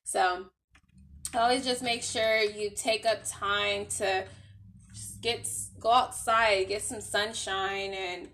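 A woman's voice: medium pitch, fairly even intonation, slow. A woman hosting her own faith podcast, talking casually to her listeners with a playful put-on country drawl, lots of y'all and laughter. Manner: chatty, laughing, loosely rambling; ends in a soft spoken prayer. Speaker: podcast host. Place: at her workplace.

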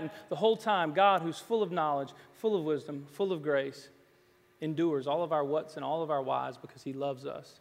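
A pastor preaching a sermon in earnest, swelling to loud, emphatic passages. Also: male voice, a little high, moderate pace, vocal fry. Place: church sanctuary. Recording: long reverb in a large hall.

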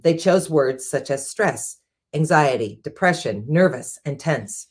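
A woman who is a chief executive and hosts the show, reading a book aloud in a measured way and adding her own asides. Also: deep voice, expressive, a little mellow. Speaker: host, CEO. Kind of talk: reading a book aloud, then casual discussion.

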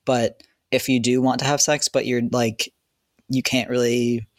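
A man's voice: medium pitch, flat delivery, unhurried, dry recording, clean studio sound. A man co-hosting a podcast in casual chat, hesitant and searching for his words. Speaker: podcast co-host.

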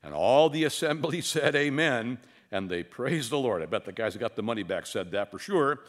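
Animated pastor man preaching. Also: mid-range voice. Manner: animated, wry humor with dramatic pauses. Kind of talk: expository sermon.

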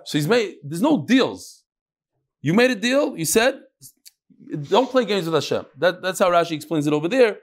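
Animated man teaching Gemara, fairly high voice. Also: normal speed. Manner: animated storytelling with Hebrew and Yiddish terms. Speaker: Talmud teacher. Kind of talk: informal Gemara class.

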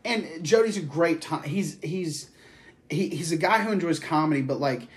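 Male podcast host, slightly high voice, loose profane storyteller. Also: moderate pace. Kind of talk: casual chat.

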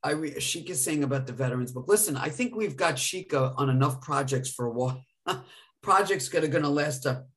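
A man's voice: a little high, brisk, fairly bright tone. A man co-hosting a live podcast, talking in an effusive, emotional, gushing way. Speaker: podcast co-host.

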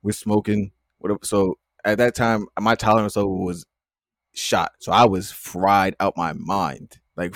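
A man's voice: fairly low pitch, no echo, studio quality. A young man, co-hosting a podcast and telling a long casual story full of slang, laughing as he goes. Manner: laid-back, slangy, laughs through stories. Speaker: podcast co-host.

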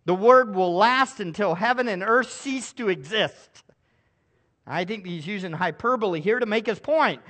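A man's voice: sits high, moderate pace, fairly bright tone. A male pastor preaching a sermon to a congregation, emphatic and calling for responses. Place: church service with a congregation.

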